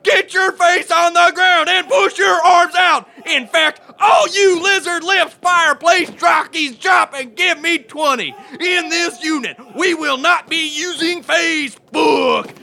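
A gravelly, foul-mouthed drill sergeant hurls insults in a high, piercing, forceful bark. He drags each line out slowly and leans into every shout. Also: fairly even intonation, heavily acted. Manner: insulting, rapid-fire tirades. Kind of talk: comedy sketch acting.

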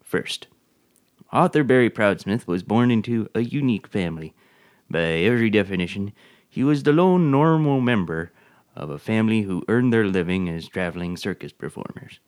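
An actor playing a calm, deadpan public radio host who keeps slipping insults into an interview. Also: male voice, fairly low pitch, moderate pace, dry recording, close to an everyday voice. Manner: calm, dry, oddly insulting questions.

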